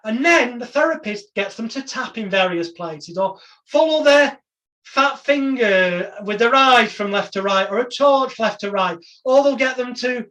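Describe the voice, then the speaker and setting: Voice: medium pitch, animated, unhurried, a bit bright, lo-fi sound. A hypnotherapy trainer giving a conversational online training lecture over a video call, breaking off at times into samples of hypnotic patter.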